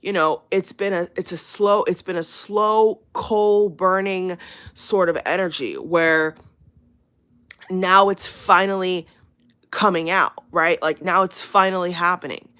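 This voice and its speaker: A woman with a fairly low voice talks straight to her viewers in an unscripted, rambling way. She circles back on her words and leans on fillers, but stays emphatic and earnest. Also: a little slow, fairly bright tone, smooth. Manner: rambling, repeats herself, many fillers. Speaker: channel host. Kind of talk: casual spoken warning to viewers.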